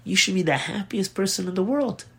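A man voicing a devout young wife who insists with fervent certainty, raising his voice higher for her. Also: lively intonation, measured pace, a bit bright.

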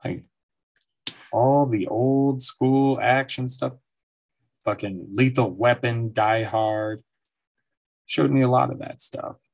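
Gravelly, husky-voiced man rambling casually. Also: mid-range voice, steady tone, takes it slowly, pauses often, darkish tone. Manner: rambling, profane, laughs often. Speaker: podcast host. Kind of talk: casual monologue. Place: at home.

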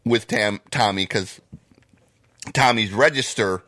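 A man's voice: on the low side, lively intonation, normal speed, a bit bright. A man co-hosting a podcast in casual chat, ranting with heavy swearing as he gets worked up. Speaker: podcast co-host.

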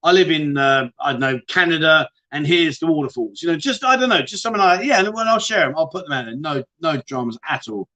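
A British man hosting a casual livestream chat, reading viewer questions aloud and answering them one by one. His voice sits high for a man, and he talks in a chatty, matey way, calling his viewers "mate". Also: lively intonation, quick pace, few pauses, pushed and bright. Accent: British English. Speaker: livestream host.

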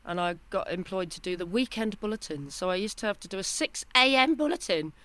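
Woman, 50s, broadcaster guest, chatty, self-mocking anecdotes, mid-pitched. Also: brisk. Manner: animated, self-deprecating storytelling. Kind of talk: casual interview chat.

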